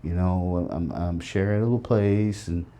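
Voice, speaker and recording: A middle-aged man, deep-voiced and mellow, talks through his life story at normal speed while being interviewed. He comes across as earnest and reflective, bringing in the voices of people he quotes.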